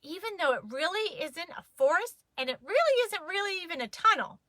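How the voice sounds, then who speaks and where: A woman reading a children's story aloud, playful and expressive. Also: very high-pitched, fairly quick, no room sound.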